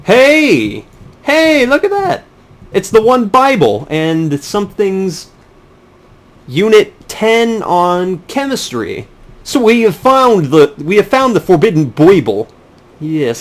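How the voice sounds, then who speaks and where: A young man giving rambling, sarcastic, profane commentary while playing a game. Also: a little high. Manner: rambling, sarcastic, swears a lot. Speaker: let's play commentator. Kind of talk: casual gameplay commentary.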